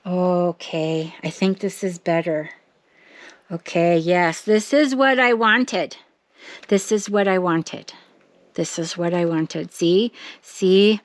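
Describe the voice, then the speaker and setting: A woman talking casually to her viewers as she works on a craft project, chatty and thinking out loud, with excited bursts. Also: lowish voice, takes it slowly, dry recording. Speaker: craft vlogger.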